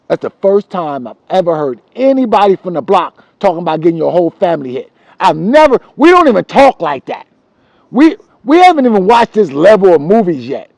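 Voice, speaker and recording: A man telling street stories from his childhood in a casual, profane, animated way, repeating himself for emphasis. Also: high voice, brisk, vocal fry, no echo, low-quality recording. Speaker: storyteller.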